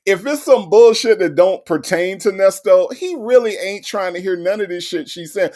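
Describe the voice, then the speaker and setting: A man with a somewhat high-pitched voice gives loose, casual commentary. He sounds wry and sarcastic, teasing the people on the calls as he goes. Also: normal speed, hardly any pauses, a little mellow. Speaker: commentary host.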